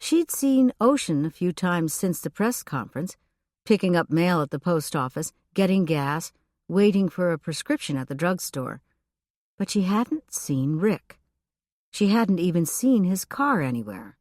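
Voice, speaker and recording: Expressive woman audiobook narrator, dry. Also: fairly low pitch, measured pace, no room sound.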